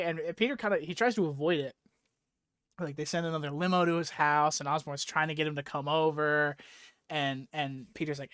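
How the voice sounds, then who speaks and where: A man's voice: fairly high pitch, a little fast, fairly bright tone, clear, resonant tone, dry recording, clean studio sound. A young man casually recapping a comic book on a podcast, rambling and profane, with frequent "like" and laughs. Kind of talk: casual chat.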